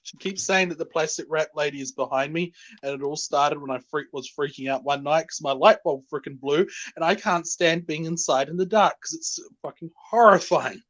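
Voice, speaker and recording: A man from New Zealand with a high voice chats on a livestream. He rambles and defends himself. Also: normal speed, few pauses, fairly bright tone. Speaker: livestream guest. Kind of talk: casual livestream chat.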